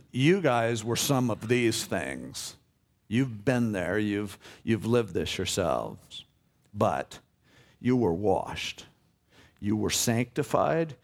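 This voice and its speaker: Earnest male pastor teaching a sermon. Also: on the low side. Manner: earnest, conversational teaching with emphatic swells.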